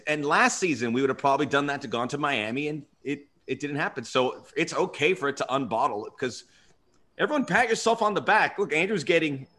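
A man hosting his own podcast in an easy, conversational way. He reflects as he talks and keeps the chat moving. His voice sits at an everyday middle pitch. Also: pushed and bright. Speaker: podcast host.

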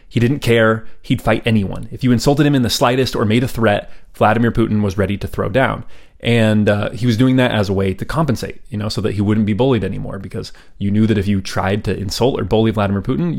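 A man's voice: on the low side, gravelly, darkish tone. A man hosting a podcast, telling a history story in a casual, chatty way with asides and fillers. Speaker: podcast host.

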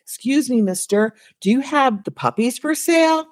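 A woman voicing an eager, earnest little boy who politely pleads for a puppy in a raised, high voice. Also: expressive, moderate pace, darkish tone, dry recording, studio quality. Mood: pleading.

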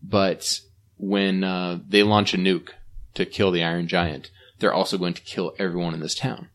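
A man's voice: sits low, flat delivery, normal speed. A man co-hosting a podcast in casual chat, retelling movie scenes with eager feeling. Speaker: podcast co-host.

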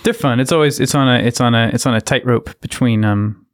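A man's voice: medium pitch, fairly quick, no echo. Agreeable man in brief interjections, dry sound. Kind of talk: casual chat.

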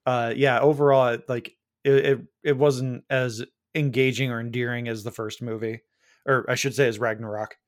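A man hosting a podcast in casual chat, with a self-described monotone and dry jokes, on a close, dry mic. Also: mid-range voice, normal speed, dry recording. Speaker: podcast host.

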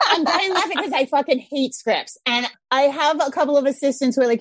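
A middle-aged woman and parenting coach chatting casually on a podcast, animated, laughing often and acting out little scenes. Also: sits high, fast, few pauses, no room sound.

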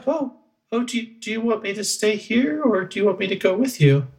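A man's voice: sits high, lively intonation, a little mellow, husky, pitched above the performer's own voice, full character voice. A man voicing a timid, weepy male goblin who is eager to please and stammers nervously. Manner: halting, breathless and stammering.

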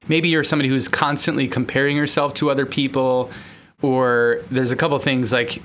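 A man's voice: medium pitch, fairly bright tone, a little hiss or hum. An American man hosting a podcast as a counselor, chatting casually, joking and laughing at himself. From United States. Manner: joking, self-mocking, laughs often.

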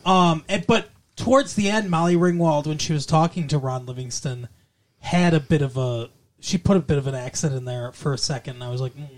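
A man's voice: a little high, brisk. Wisecracking man on a chatty podcast. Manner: joking, wisecracking, swears. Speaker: podcast co-host. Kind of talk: casual chat reviewing a TV show.

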